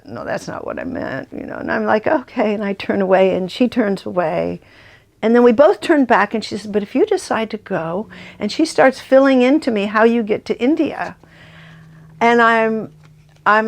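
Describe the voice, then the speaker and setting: An older woman casually telling a personal spiritual story, animated and laughing often as she acts out what others said. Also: medium pitch, creaky.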